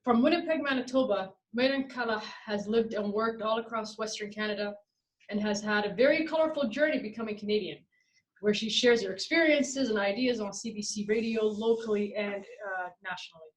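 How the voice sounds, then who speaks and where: A woman hosting an online community event, reading a measured, formal introduction of the next speaker. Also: medium pitch, rough recording. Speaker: event host.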